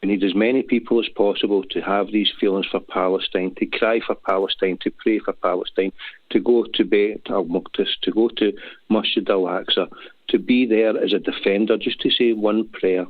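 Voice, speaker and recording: A Scottish man with a Glaswegian accent phones into a talk show, his voice fairly low, steady, and at a normal speed. He's earnest and emotional, rambling and restarting often. The call comes through a dry, tinny phone line with no room sound.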